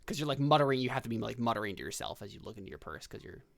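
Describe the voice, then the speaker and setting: A man running a tabletop game as game master, explaining rules in a relaxed, rambling way. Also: medium pitch, racing, gravelly, no echo. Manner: relaxed, filler-heavy explaining.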